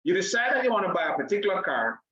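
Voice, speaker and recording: A man hosting an online motivational class over a video call, energetic, tacking "right?" onto nearly every phrase and calling on the audience in the chat. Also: high voice, rapid-fire. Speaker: online class host and coach. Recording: dull, echoey video call audio.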